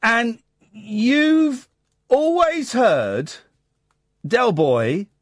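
A man's voice: very high voice, big pitch swings, extremely slow, dry recording, studio quality. A man hosting a late-night radio phone-in, wry and teasing. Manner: wry, teasing, self-mocking. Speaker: radio host. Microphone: studio mic.

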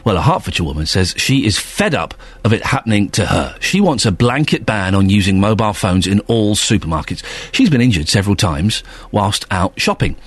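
Playful, husky-voiced radio host man. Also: on the low side, a little fast, dry recording. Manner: playful, animated, jokey. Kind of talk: radio phone-in hosting.

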